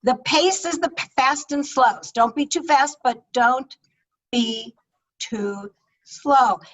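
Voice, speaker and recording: Energetic woman coaching over a video call. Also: high voice, slow pace, highs cut off. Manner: energetic, emphatic, conversational. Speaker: speaking coach. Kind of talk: webinar talk on public speaking. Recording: distant-sounding video call audio.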